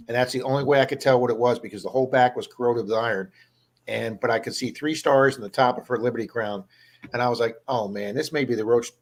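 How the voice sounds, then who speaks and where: Rambling storyteller man hosting a stream. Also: medium pitch. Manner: rambling storyteller, acts out quoted people. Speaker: live stream host, metal detectorist. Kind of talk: casual live stream chat.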